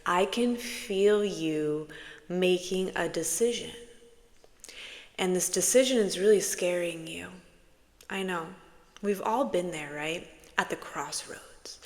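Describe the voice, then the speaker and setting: Soothing low-voiced woman channeler, slow. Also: in a large hall. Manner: playful and soothing, with laughs and sudden exclaims. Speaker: spiritual channeler and host. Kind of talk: casual spiritual message to camera.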